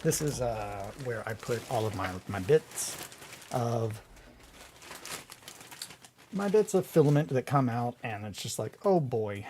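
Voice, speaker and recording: Rambling, excitable man chatting casually. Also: medium pitch, a little slow, pauses often, a little hiss or hum. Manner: excitable, rambling, swears freely, restarts often. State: winding down from a bad mood. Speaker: hobby video host.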